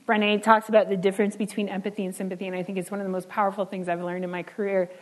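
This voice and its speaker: A woman preaching a sermon in an earnest way, slowing down and dropping soft on key words. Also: medium pitch, little pitch movement, low-quality recording.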